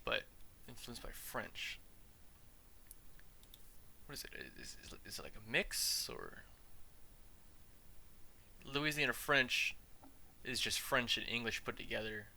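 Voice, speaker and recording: A man's voice: mid-range voice, a little slow, gravelly, long pauses, sharp tone. A man hosting a podcast, ranting casually in a rambling, profane way and trailing off into asides. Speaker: podcast host.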